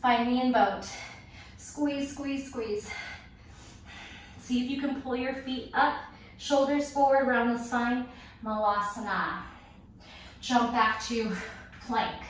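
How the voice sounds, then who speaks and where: A woman's voice: fairly high pitch, steady tone, measured pace. Breathless woman fitness instructor cueing moves. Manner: short, clipped exercise cues. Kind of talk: workout class cueing. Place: home workout space. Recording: echoey room from far off, faint noise.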